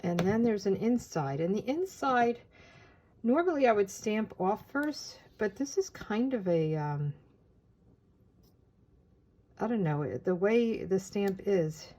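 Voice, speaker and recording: A woman giving a casual, chatty step-by-step craft tutorial, talking as she works with her hands and often pausing on filler words. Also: mid-range voice, animated, dark tone. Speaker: papercraft demonstrator.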